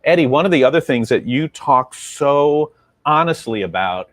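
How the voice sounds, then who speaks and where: A man's voice: medium pitch, lively intonation, normal speed, dry recording. A man hosting an interview, speaking earnestly and reflectively as he steers the conversation toward his guest's story. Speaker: interview host. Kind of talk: casual interview.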